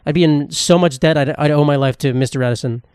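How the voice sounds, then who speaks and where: A man's voice: fairly high pitch, quick pace, darkish tone, clean tone, no echo, clean studio sound. A young man, hosting a solo comedy podcast in a profane, sarcastic, rambling rant. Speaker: podcast host.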